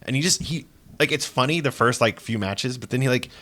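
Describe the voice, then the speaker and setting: A man co-hosting a casual gaming podcast, excitable and swearing a lot, laughing as he tells stories. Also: mid-range voice, fairly quick. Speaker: podcast co-host.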